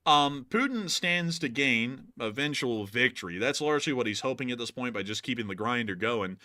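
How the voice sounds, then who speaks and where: A man's voice: mid-range voice, animated, moderate pace, sharp tone, no room sound, studio quality. A man hosting a live stream, answering viewer questions in a rambling way with lots of fillers. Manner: rambling, filler-heavy, folksy sign-offs. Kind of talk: casual live-stream commentary.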